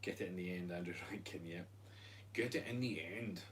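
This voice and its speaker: Reading out viewer comments on a live stream he co-hosts, this man from Scotland jokes, laughs and banters in a relaxed chat. He talks briskly in a low-pitched voice, recorded on a distant mic with slight background noise.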